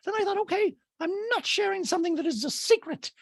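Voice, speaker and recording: Man doing a falsetto, huffy reality-TV woman for a comedy recap, bouncy and dry. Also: lively intonation, fast talker, gravelly, a bit bright, dry recording, exaggerated voice. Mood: indignant. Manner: exaggerated high falsetto mimicry. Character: shrill, indignant reality-TV woman, mocked.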